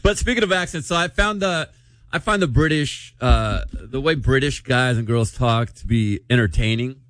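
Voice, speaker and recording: A man's voice: mid-range voice, normal speed, a bit bright, dry recording. A man with an American accent hosting a casual group chat and running a little quiz game in an easygoing way.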